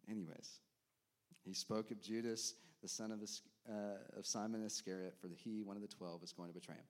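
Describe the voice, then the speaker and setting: A man preaching a sermon as pastor, talking straight to the congregation and acting out the crowd's reactions. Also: lowish voice. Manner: animated preaching, quick asides to the congregation, acts out crowd reactions.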